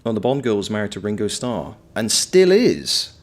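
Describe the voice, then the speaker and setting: A lower-voiced man streams a game from home, his pitch swinging widely as he shouts at enemies and reads chat. He talks freely and animatedly, with the odd swear, into a streaming mic. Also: huge pitch swings, normal speed. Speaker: streamer and voice actor. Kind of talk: live-stream gameplay commentary, chatting with viewers.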